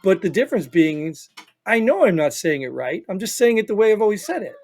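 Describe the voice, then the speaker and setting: A man's voice: sits high, very animated, brisk, darkish tone. A man with a Northern US accent, co-hosting a podcast in opinionated casual chat, rambling and emphatic with frequent "you know what I mean.". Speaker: podcast co-host.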